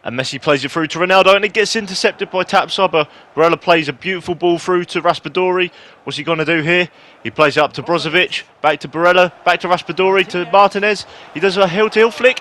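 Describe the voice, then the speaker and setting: A man commentating play-by-play over a football video game, excitable, breaking into shouts at goals and poking fun at himself between plays. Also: high-pitched, fast, a little hiss or hum. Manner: excitable, rising to shouts on goals, self-mocking asides. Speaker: gaming YouTuber.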